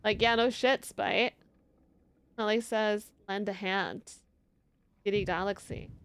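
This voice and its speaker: A woman's voice: mid-range voice, fairly even intonation, slow pace, noisy background. A young woman streamer commentating a horror game live, easily startled, swearing and talking to chat. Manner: jumpy, swears, talks to chat.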